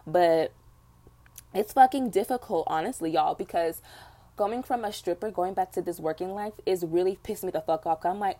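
A woman's voice: on the low side, moderate pace, warm tone. A young woman hosting her own podcast, venting bluntly with lots of swearing in casual chat. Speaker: podcast host.

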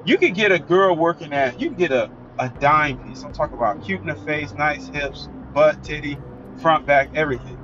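A man's voice: fairly high pitch, animated, normal speed, noisy background. A man giving a blunt, emphatic, opinionated solo monologue as a commentator. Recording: dull lo-fi recording with faint music.

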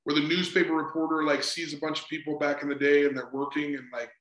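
A man's voice: fairly high pitch, flat delivery, quick pace, fairly bright tone. A middle-aged man, a sports psychology consultant, talking earnestly in a casual interview and often adding "right?". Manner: earnest, repeats "right?" and "just". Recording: roomy echo.

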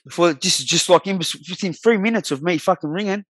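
A man's voice: high voice, brisk, fairly bright tone, breathy edge, no room sound. An Australian man in his forties, a guest telling his life story bluntly in slangy, swear-heavy talk. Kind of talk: candid storytelling in a podcast interview.

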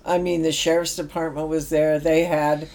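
Chatty woman, low mellow voice. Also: little pitch movement, normal speed. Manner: chatty, laughs through her stories. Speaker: former youth project worker. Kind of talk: anecdotal storytelling.

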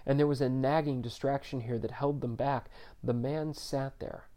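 Mellow-voiced male story narrator. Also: medium pitch. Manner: measured, subdued reading.

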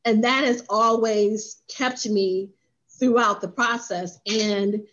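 A woman tells her own story in an interview in a middle-pitched voice. She talks in a lively way and slips into the voices of the people she quotes. The audio sounds a little dull and lo-fi. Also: takes it slowly. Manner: animated, acts out quoted voices. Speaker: spa owner and business coach.

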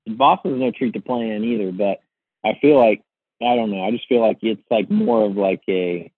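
Podcast host, male, low husky voice, loose rambling delivery, tinny phone-line sound. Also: normal speed, no echo. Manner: rambling, lots of "like" and restarts. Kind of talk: casual sports podcast chat.

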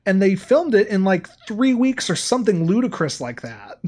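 A man's voice: high voice, very animated, moderate pace, a little mellow. A man co-hosting a podcast in casual chat, rambling and full of filler words. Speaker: podcast co-host.

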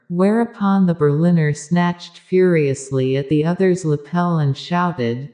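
A spiritual teacher giving a calm, measured discourse with repeated, parallel phrasing. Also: medium pitch.

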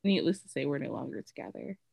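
A woman's voice: extremely low pitch, animated, fast talker, creaky, darkish tone, husky, dry recording. A woman co-hosting a podcast, telling frank stories in a rambling, casual way with lots of fillers. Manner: candid, rambling storytelling with many fillers. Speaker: podcast co-host. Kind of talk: casual chat.

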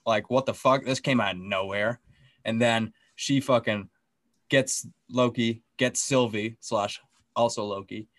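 A man on a podcast retelling a TV episode, loud and excitable with plenty of swearing. His voice sits at a middle pitch, and the recording is dry and close. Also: measured pace, dry recording. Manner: excitable, profane, acts out scenes. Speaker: podcast co-host. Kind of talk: casual chat, recapping a TV episode.

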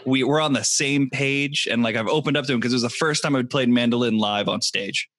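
A man's voice: medium pitch, fairly quick, fairly bright tone. A man in casual chat, laughing easily.

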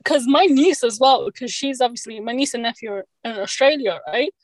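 A woman's voice: fairly high pitch, fairly quick, a little mellow, no room sound, poor audio. A woman chatting casually on a podcast, rambling with lots of fillers and restarts. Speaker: podcast co-host. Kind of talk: casual chat.

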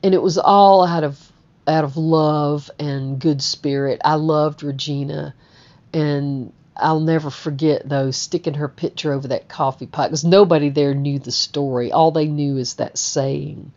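A woman's voice: low-pitched, fairly even intonation, a little slow, a little mellow. A woman telling a personal story in a candid, rambling way, often repeating her words. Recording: dull lo-fi recording.

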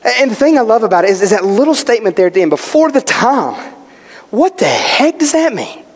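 A man's voice: high-pitched, sing-song, fast. A male pastor preaching a sermon, emphatic, posing questions and answering them himself. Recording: long hall reverb.

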